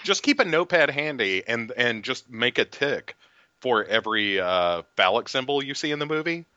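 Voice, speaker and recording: A man co-hosting a podcast in casual chat, joking crudely and animated, on dull lo-fi audio. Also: mid-range voice, normal speed, dry recording. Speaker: podcast co-host.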